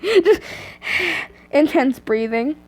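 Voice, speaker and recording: A woman's voice: high voice, big pitch swings, extremely slow, darkish tone. A teenage girl reading fanfiction aloud at home on an earphone mic, chatty and giggly, with self-mocking asides.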